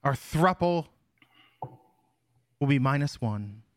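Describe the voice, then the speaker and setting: Playful man with a lively, swooping voice. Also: medium pitch, slow pace, no echo, clean studio sound. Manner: playful, theatrical announcer-style delivery. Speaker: podcast co-host. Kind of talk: casual podcast chat.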